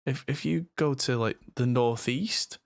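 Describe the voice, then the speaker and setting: A man's voice: medium pitch, unhurried, creaky, no echo, clean studio sound. A man from the north of England with an English accent, chatting casually and rambling on a live stream while he mixes. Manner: rambling, chatty, self-deprecating. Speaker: mixing engineer and streamer.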